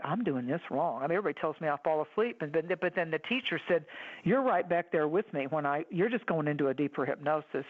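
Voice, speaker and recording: Woman psychic, forties, soothing and chatty, phone audio. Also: lowish voice. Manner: warm reassuring, calls callers honey and ma'am. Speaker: psychic guest. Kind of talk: phone-in call-in chat. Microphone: phone line. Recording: tinny phone line.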